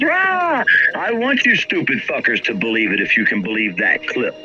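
A man rants at a caller in a sharp, tense voice that leaps up and down in pitch, hurling insults and swearing hard. His voice comes through dull, lo-fi stream audio with faint music underneath. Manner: combative, profane, insulting. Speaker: livestream host. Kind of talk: heated call-in argument.

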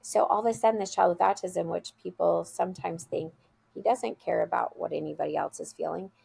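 A woman's voice: on the low side, brisk, vocal fry, mellow, slightly rough. A woman school leader, a guest on an interview show, telling a heartfelt story in an earnest, conversational way over a video call. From USA.

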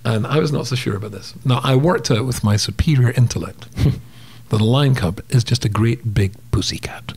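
A man's voice: medium pitch, moderate pace, gravelly, a little mellow, slightly rough. A man telling a story as a guest on a casual interview podcast, acting out sounds and voices as he goes.

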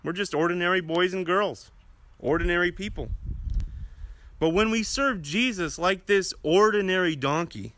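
A man giving a children's message at church, telling a story to the children in a gentle, questioning storyteller's way. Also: sits high, normal speed. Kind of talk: children's sermon.

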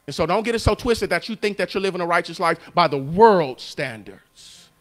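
A male pastor preaching a sermon, telling a story and calling out to the congregation, moving between quiet and loud. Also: sits high, expressive, normal speed. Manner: call-and-response preaching, storytelling, swings from soft to loud.

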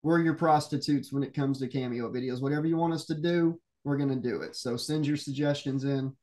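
A man's voice: mid-range voice, steady tone, brisk, darkish tone. A man co-hosting a casual horror podcast, joking and easygoing while plugging support links. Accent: regional accent. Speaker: co-host.

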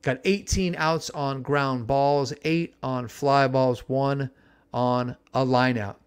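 A man in his fifties from the San Francisco Bay Area, hosting a podcast and telling a nostalgic story in an animated, exclamatory way. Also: medium pitch, takes it slowly, smooth. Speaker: podcast host.

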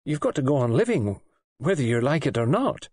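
A man voicing a calm, soothing young nurse. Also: mid-range voice, brisk, breathy edge, no room sound, clean studio sound, voice pushed up. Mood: earnest. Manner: calm, soothing, gently reproving. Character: young red-haired female nurse, kindly, placid, indulgent.

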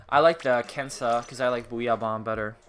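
Bright-voiced young man streaming a game. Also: medium pitch, fairly even intonation, measured pace, soft background music. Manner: joking, rambling, talks to chat while playing. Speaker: gaming livestreamer. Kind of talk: casual gaming livestream chat.

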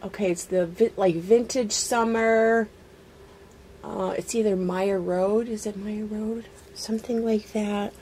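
A woman vlogger unboxing a craft swap package in casual chat, gushing over each item with excited exclamations. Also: medium pitch, measured pace, slight background noise.

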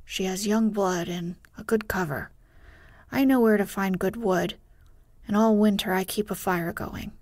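A woman's voice: medium pitch, unhurried, a little mellow, dry recording, clean studio sound, lightly acted. Woman reading a stubborn old mountain grandfather. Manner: firm and unyielding. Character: stubborn, gruff old grandfather living alone.

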